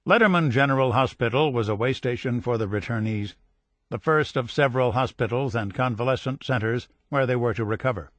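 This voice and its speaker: A man reading a history audiobook in measured scripted narration, lifting his voice for quoted dialogue. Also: mid-range voice, fairly bright tone, no echo. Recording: dry studio voice-over.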